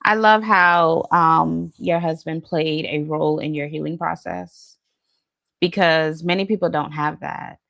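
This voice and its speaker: A woman's voice: low-pitched, fairly even intonation, a little slow, gravelly, a bit bright, dry recording. A woman hosting a podcast, asking questions and reflecting earnestly, with many fillers. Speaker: podcast host. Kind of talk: conversational interview.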